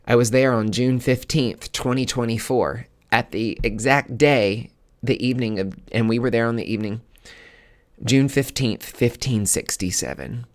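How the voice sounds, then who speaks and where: A man's voice: mid-range voice, moderate pace. A man hosting a podcast, telling a personal story in a candid, casual way that grows emotional. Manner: candid, emotional, given to filler words and restarts. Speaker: podcast host.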